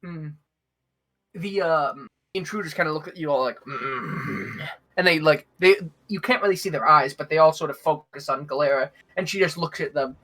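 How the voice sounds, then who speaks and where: A man's voice: fairly high pitch, fairly quick, fairly bright tone. A man narrating as game master of a tabletop game, casual and full of fillers.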